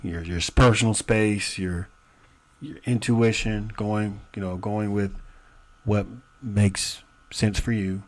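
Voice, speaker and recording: A man hosting a live show, commenting in a slow, pointed, questioning way on a clip he plays. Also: lowish voice, fairly even intonation. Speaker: host reacting to a clip. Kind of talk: commentary over a played clip.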